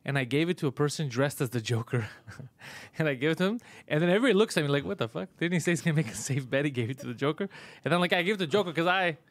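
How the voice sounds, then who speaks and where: A man's voice: fairly high pitch, expressive, racing, dry recording. A man hosting a casual livestream chat, a teasing, profane storyteller who sounds tired from travel. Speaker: comedian and podcast host.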